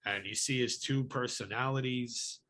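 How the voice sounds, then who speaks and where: A man's voice: medium pitch, steady tone, normal speed, sharp tone. A man hosting a podcast in casual chat, swearing freely and ranting heatedly. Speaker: podcast host.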